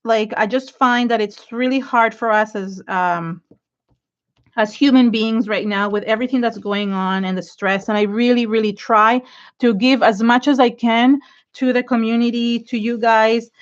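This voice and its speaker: Inking on an art livestream, a middle-aged woman with an Israeli accent and Hebrew as her first language talks casually to viewers, frank and effusive, full of fillers, restarts and rambling. She speaks a little high, in a steady tone at a moderate pace, over dull lo-fi audio.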